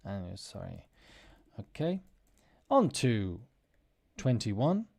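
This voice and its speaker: Mellow-voiced male English teacher. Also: on the low side, sing-song, takes it slowly, gravelly. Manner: explains patiently, repeating example phrases with strong intonation. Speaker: podcast host. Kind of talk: casual spoken lesson.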